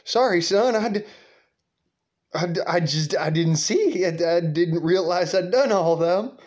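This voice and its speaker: A man doing a gruff, cursing country father. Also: sits high, unhurried, a little mellow, voice pushed up. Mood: apologetic. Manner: drawling, cursing, scolding. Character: gruff rural father teaching his son.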